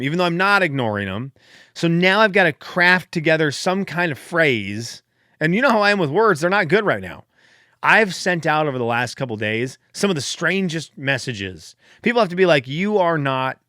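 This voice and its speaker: A man talks alone into a podcast mic, rambling and poking fun at himself in a casual, fired-up way. His voice sits a little high for a man. The sound is dry and close, with no room echo. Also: big pitch swings, brisk, pushed and bright. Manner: rambling, self-deprecating storytelling. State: fired up late at night. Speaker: podcast host. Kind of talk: casual solo podcast chat.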